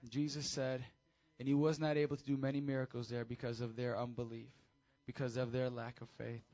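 A man preaching a casual, high-energy sermon to teenagers as youth pastor, with call-and-response. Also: level tone, fairly quick, darkish tone, highs cut off.

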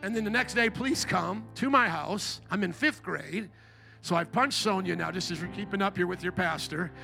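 A middle-aged man from Indiana preaching a sermon as pastor, telling jokey stories in an animated, playful way. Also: sits high, moderate pace, gravelly, faint music behind. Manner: animated, joking storyteller. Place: church.

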